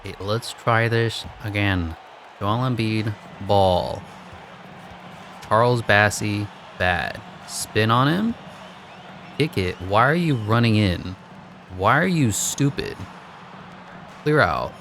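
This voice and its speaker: A man giving sarcastic, exasperated commentary over his own basketball video game play, jumping up high when he gets annoyed. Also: lively intonation, slow, long pauses, a bit bright, a little hiss or hum. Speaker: gaming commentator. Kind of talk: live gameplay commentary.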